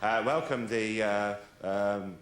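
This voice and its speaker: A man's voice: on the low side, steady tone, takes it slowly. A man compering a comedy night, introducing acts with chatty, jokey asides. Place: comedy club stage. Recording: echoey club with loud crowd and noise.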